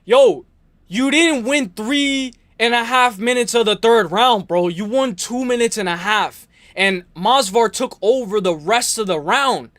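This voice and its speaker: A man hosting a live stream, ranting and joking in an excitable, profane way while reading viewer comments. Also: very high voice, measured pace.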